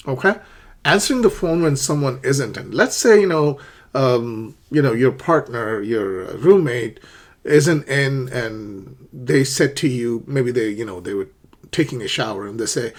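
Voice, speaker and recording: A man's voice: medium pitch, animated, moderate pace, breathy edge. A man teaching a spoken English lesson, acting out both sides of phone calls. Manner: acts out both sides of phone calls, in a raised, brighter voice for the quoted lines.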